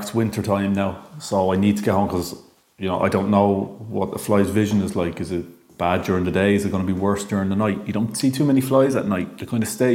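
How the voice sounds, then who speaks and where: A man's voice: sits low, darkish tone. An Irish man in his thirties telling a rambling, jokey monologue, hesitant and full of ums. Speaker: monologue talker. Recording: echoey room.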